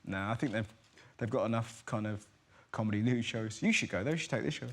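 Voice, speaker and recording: A man's voice: medium pitch, fast talker. A man in his thirties with an English accent, a comedian guest telling jokey anecdotes on a chat show. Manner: storytelling, jokey, laughs between lines. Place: TV studio with live audience. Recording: noisy studio, loud audience laughter.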